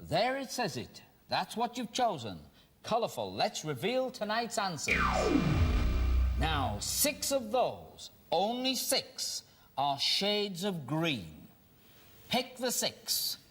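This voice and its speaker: A man's voice: sits high, very animated, slow. An older English man hosting a game show, chatty and jokey, explaining the rules and then urging a contestant on against the clock. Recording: TV studio with music and audience.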